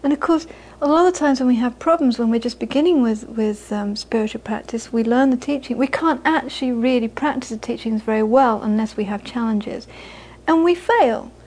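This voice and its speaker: British buddhist teacher lady, high voice, earnest talk w lots of repeating and laughing. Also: moderate pace, hardly any pauses, a little mellow. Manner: earnest, repeats phrases for emphasis, laughs often. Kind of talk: dharma talk to a live audience.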